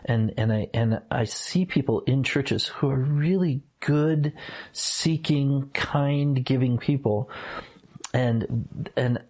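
Earnest, halting middle-aged man. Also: mid-range voice, a little mellow. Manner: earnest, halting with many restarts and fillers. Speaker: former minister, interview guest. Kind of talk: reflective personal storytelling.

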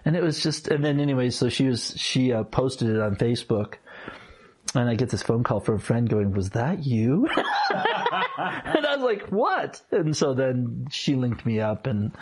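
A man with a husky voice telling a personal story in a casual chat, laughing often and getting animated when he quotes people. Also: medium pitch, normal speed. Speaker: guest.

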